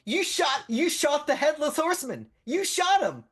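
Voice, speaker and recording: A man voicing an excitable, starstruck young bar patron who shouts and swears with delight. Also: sits high, fast, slightly rough, voice pushed up, heavily acted. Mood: thrilled.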